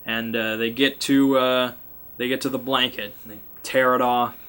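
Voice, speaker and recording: A man's voice: medium pitch, little pitch movement, a little slow, bright, forceful tone, smooth. A man acting as game master, casually recapping a tabletop game session in a chatty way. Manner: chatty, acts out sound effects and lines, laughs.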